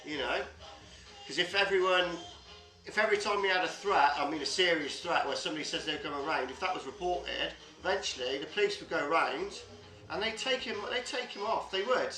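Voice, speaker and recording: Swearing man with a bright, high voice. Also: fairly quick. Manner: swears a lot, rambling with filler tags. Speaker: livestream host. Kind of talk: casual livestream chat. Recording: echoey room with music playing.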